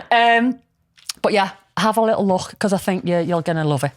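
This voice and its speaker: A woman's voice: mid-range voice, expressive, normal speed, dry recording. A woman, casually telling a story on a podcast, rambling with lots of ums and restarts. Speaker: podcast co-host.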